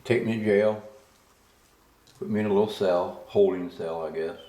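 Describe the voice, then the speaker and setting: A man's voice: fairly low pitch, fairly even intonation, moderate pace, dark tone. An older man telling a rambling, folksy personal story as a voice-over, full of asides. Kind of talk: casual spoken story, voice-over. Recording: roomy echo.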